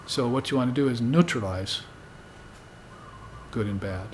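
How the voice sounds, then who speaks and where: A spiritual teacher, male and mid-pitched, gives a dharma talk to gathered students at an easy, conversational pace. He repeatedly checks in with "you see," while a faint hiss lingers under the audio.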